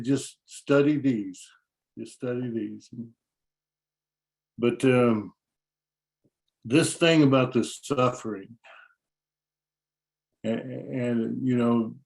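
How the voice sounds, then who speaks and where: A man's voice: mid-range voice, a little mellow, rough recording. An older man sharing at a recovery meeting from a small room at his desk, rambling and folksy.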